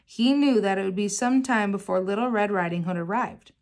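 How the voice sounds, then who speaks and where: A woman reading a children's picture book aloud in a gentle, measured storytelling manner. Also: medium pitch.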